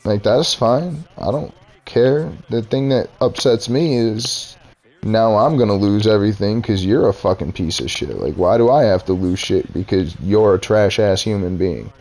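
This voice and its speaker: A young male streamer with a fairly low, darkish voice speaks at normal speed. In a casual storytelling rant, he heatedly recounts a fight with his boss, swearing freely and acting out both sides through quoted dialogue.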